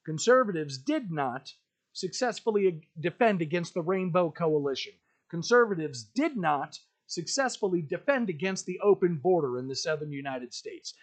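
A man's voice: fairly high pitch, expressive, moderate pace. A man hosting a podcast, delivering an emphatic, ranting monologue with lots of repetition. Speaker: podcast host.

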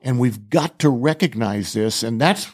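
A man's voice: mid-range voice, lively intonation, measured pace, darkish tone. An older man, a ministry speaker, talking earnestly and with emphasis in a casual podcast chat.

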